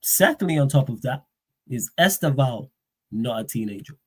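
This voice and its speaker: A man, hosting a football livestream, talking in a slangy, animated way and firing off rhetorical questions. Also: mid-range voice, moderate pace, breathy edge. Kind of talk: casual live-stream rant.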